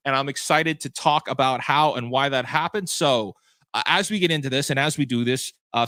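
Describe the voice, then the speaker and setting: Bright-voiced male game master chatting. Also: mid-range voice, no room sound. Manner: chatty, self-correcting, answers viewer questions. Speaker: game master and show host. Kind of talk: livestream post-show chat.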